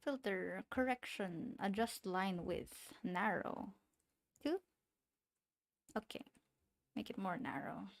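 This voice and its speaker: Woman streamer with an accent, gravelly voice, rambles and mutters to herself while drawing. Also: mid-range voice, slow, long pauses. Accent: non-standard English accent. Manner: rambling, self-talking, giggly asides. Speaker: VTuber streamer. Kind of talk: casual chat while drawing.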